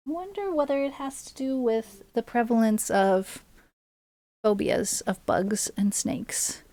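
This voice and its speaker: A woman's voice: fairly high pitch, lively intonation, slow pace, warm tone, no room sound. A woman music streamer chatting casually and playfully with her live viewers between songs. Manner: playful, chatty, talking straight to her audience. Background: her own ukulele.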